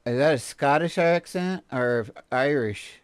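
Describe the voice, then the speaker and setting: A man's voice: medium pitch, a little slow, clean tone, dry recording. A man hosting a video reaction show, talking bluntly and casually, swearing now and then and chuckling often.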